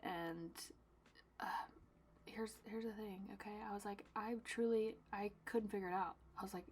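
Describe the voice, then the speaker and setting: A young woman artist chatting casually while she packs her own orders, dramatic and self-mocking, swinging between loud bursts and soft asides. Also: mid-range voice, fairly even intonation, normal speed, a little hiss or hum. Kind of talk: casual vlog chat.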